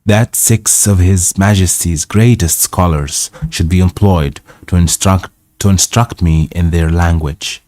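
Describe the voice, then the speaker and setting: Slow, deep-voiced man reading aloud carefully. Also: steady tone, darkish tone, dry recording. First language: Arabic. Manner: careful, repeats words and sounds out hard ones. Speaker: host of a live English reading stream. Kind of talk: reading a classic novel aloud for practice.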